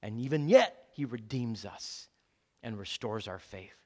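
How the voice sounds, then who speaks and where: A man preaching a sermon as pastor, exhorting his listeners and repeating key points slowly so they can write them down. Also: animated. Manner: swings between loud exhortation and hushed low lines.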